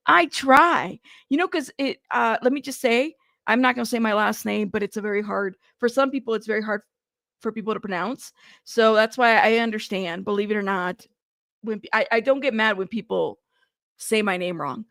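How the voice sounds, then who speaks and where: A woman's voice: on the high side, moderate pace, vocal fry, a bit bright, dry recording, studio quality. A woman hosting a news livestream in casual chat, talking straight to her viewers and laughing at herself.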